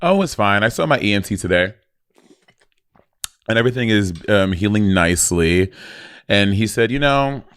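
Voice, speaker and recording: A man's voice: fairly low pitch, moderate pace, long pauses, clean tone, no room sound. A man co-hosting a podcast, telling a story in casual chat and acting out the dialogue, swearing freely. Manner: animated storyteller who acts out quoted dialogue. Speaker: podcast co-host.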